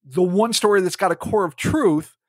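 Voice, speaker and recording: A man talks casually on a podcast, his voice sitting a little high and coming across dry and close. He rambles and swears freely, stacking up asides as he works through a thought. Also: normal speed, no echo. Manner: profane, rambling and animated. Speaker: podcast co-host. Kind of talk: casual chat.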